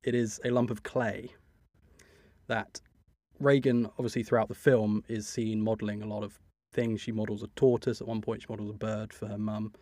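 A man's voice: lowish voice, level tone, normal speed, warm tone, no echo. A man co-hosting a podcast as the film superfan, chatting casually and filling his speech with "sort of". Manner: fills with 'sort of', enthusiastic about details.

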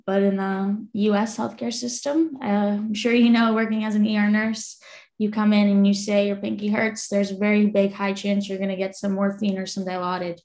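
A woman's voice: mid-range voice, darkish tone. A woman in her twenties, a podcast guest, telling a personal story in an earnest way, laughing now and then between lines. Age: 20s. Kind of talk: casual storytelling.

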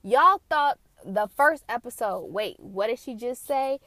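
A woman's voice: a little high, expressive, unhurried, bright, forceful tone, no room sound. Chatty woman with a dry close sound. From United States. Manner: candid, chatty, swears casually. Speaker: vlogger telling personal stories. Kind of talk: casual storytelling. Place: in a car.

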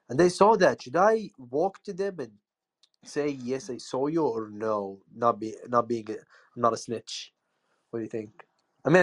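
A man from Saudi Arabia, an English speaker, chatting casually in a group voice chat and stammering and repeating words when excited. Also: medium pitch.

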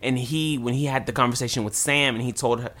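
A man's voice: medium pitch, steady tone, fast talker, a bit bright. A man hosting a podcast, chatting casually about a reality show in a sassy, emphatic way. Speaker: podcast host. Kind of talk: casual gossip chat.

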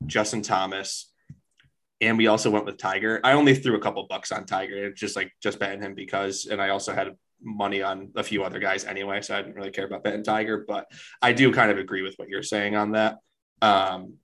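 A man with a somewhat low voice co-hosts a casual podcast. He talks in a brash, profane way and is quick to banter. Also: fairly bright tone, poor audio. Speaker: podcast co-host. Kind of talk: casual chat.

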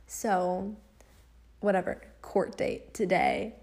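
A woman's voice: medium pitch, unhurried, creaky, a little mellow. A young woman hosting a casual podcast, telling stories in a chatty way, swearing often and laughing as she goes. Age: young adult. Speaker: podcast host.

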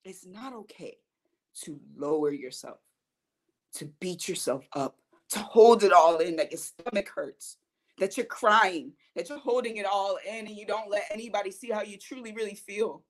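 A woman's voice: medium pitch, moderate pace. Emphatic woman podcast host. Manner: earnest, emphatic, swings between soft and loud. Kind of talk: personal motivational talk.

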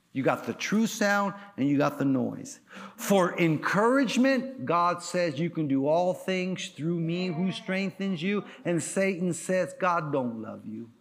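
Impassioned male preacher with a lively high voice. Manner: emphatic, call-and-response, rising to shouts. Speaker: pastor. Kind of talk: sermon.

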